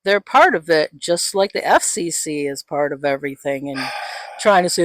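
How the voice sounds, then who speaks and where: A woman's voice: low-pitched, lively intonation, normal speed, no room sound. Gen x lady ranting on a podcast, swears a lot, mocks people in silly voices, dry room. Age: 40s or 50s. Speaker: podcast co-host. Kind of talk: casual political chat.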